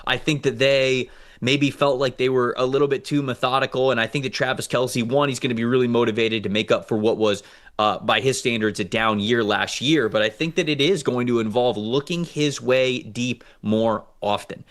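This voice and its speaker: A man's voice: medium pitch, moderate pace. Male co-host, middle voice, casual stat-heavy sports chat. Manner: reads out stats, animated and joking. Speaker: co-host, football analyst.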